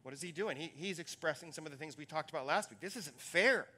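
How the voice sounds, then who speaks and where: A male pastor gives a conversational sermon, musing aloud as he teaches. His voice sits high for a man and has a bright, forceful edge. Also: fast.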